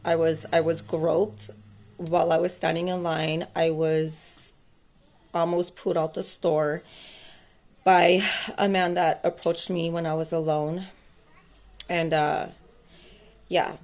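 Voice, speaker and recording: A woman's voice: on the low side, level tone, slow pace, pauses often, darkish tone. A woman, mother of two, telling a personal story to camera in a rambling, intense way, with many fillers and a defiant tone. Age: adult, mother of two boys. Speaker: tarot vlogger.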